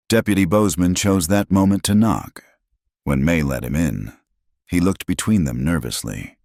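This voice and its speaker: A man narrating a scripted western story in a dramatic, measured way. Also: very deep voice, expressive, creaky, a little mellow, no echo, clean studio sound.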